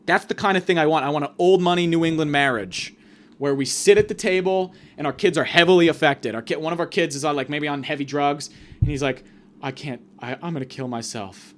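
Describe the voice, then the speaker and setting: A man hosting a podcast, rambling through a crude comedic monologue full of fillers and deadpan exaggeration. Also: on the high side, fast. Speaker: podcast host.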